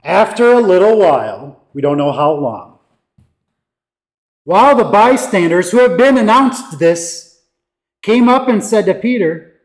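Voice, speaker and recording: A pastor delivering a sermon, his voice sitting high for a man. He preaches slowly and emphatically, leaning on dramatic pauses and acting out the quoted lines. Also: expressive.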